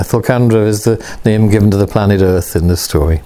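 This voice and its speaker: A man's voice: on the low side, fairly quick, mellow. A male lecturer reading a novel aloud and stopping for hesitant explanatory asides.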